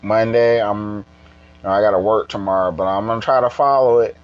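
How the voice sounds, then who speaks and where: A tired man hosting a casual solo podcast, rambling and halting with many restarts. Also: lowish voice, steady tone, muffled recording. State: tired, yawning. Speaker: podcast host.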